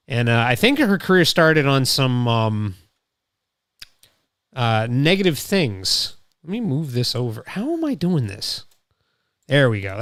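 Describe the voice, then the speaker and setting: A Connecticut man hosting his own live stream, wandering from thought to thought as he reacts to clips. His voice is smooth and resonant, close on a mic with a dead-dry sound. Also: mid-range voice, fairly bright tone, no echo. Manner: rambling, thinking aloud. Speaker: streamer host. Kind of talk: casual live-stream commentary. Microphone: close studio mic through mixer.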